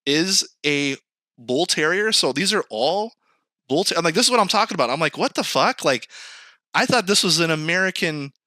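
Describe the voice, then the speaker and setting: Casting: bright, expressive man, casual podcast banter. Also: fairly high pitch, no room sound, studio quality. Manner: animated, swearing, laughing, acting out quoted lines. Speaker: podcast co-host. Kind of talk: casual chat. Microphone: remote call mic, screen sharing.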